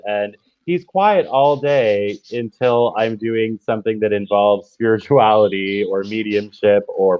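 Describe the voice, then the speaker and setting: A man in his thirties, a medium and minister, speaking a calm, earnest prayer and chatting easily about himself. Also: on the low side, no room sound. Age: 30s. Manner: calm, earnest prayer, with relaxed filler-laden chat. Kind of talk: spoken prayer and casual introduction. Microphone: video call. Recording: dry, dull lo-fi video call audio.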